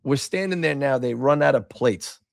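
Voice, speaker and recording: The gravelly, medium-pitched voice of a middle-aged man comes through at a moderate pace, studio quality with no echo. Co-hosting a podcast, he casually tells stories, acting out what others said with animation. He swears freely as he goes.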